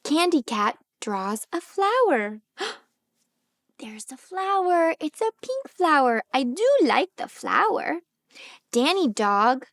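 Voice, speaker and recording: A woman speech therapist reading a picture book aloud to small children, gently animated and asking them questions as she goes. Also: sits high, slow, no room sound, clean studio sound.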